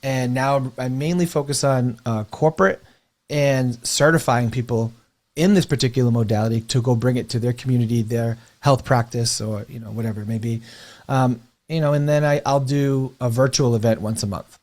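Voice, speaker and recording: A man's voice: mid-range voice, moderate pace. A man who teaches breathwork speaks in a casual interview, telling stories with lots of "you know" fillers and laughing now and then. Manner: animated storyteller, leans on "you know" fillers.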